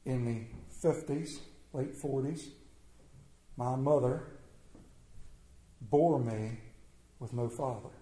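A man voicing a humble older mountain man who quietly recounts a hard childhood, speaking low and confiding. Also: roomy sound, lightly acted, rough recording. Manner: low, hushed, confiding storytelling.

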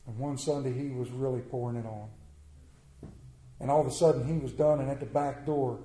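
Guy doing a soft humble old mountain man, low and hushed, kinda mellow, echoey church. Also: fairly even intonation, fairly quick, slight background noise, natural voice. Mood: wistful. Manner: low, hushed, confiding storytelling.

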